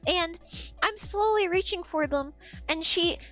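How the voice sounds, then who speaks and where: A young adult woman telling a story on a livestream in a casual, animated way, swearing and laughing as she talks. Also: extremely high pitch, a little slow, soft background music. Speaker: streamer.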